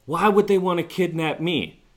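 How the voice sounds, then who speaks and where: A naive, boyish grown man talks in a high, eager voice, bright and puzzled, as a man puts him on while telling a story. He sounds carefree and innocent, as if he is missing the danger. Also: moderate pace.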